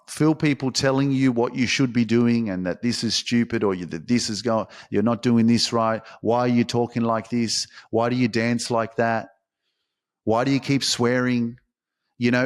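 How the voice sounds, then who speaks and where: A man's voice: medium pitch, steady tone, moderate pace. A man hosting a podcast, talking in an intense, emphatic motivational monologue full of swearing. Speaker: podcast host.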